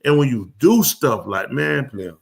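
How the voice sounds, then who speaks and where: A man's voice: mid-range voice, big pitch swings, a little slow, gravelly. A man hosting a live comedy show, riffing loosely and acting out both sides of a conversation in slang for the audience. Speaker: comedic talk show host.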